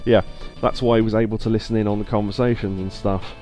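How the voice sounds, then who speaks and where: A man streaming a live video game playthrough, chatting in a rambling way with quick laughs. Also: on the low side, fairly even intonation, darkish tone, soft background music. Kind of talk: live let's play commentary.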